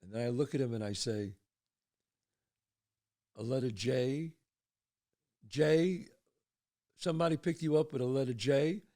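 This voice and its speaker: An older man hosting his show, telling a personal story in a casual, animated way and dropping low and quiet at the tense parts. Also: a little slow, long pauses. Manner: animated storyteller, drops to hushed tones for suspense. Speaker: podcast host.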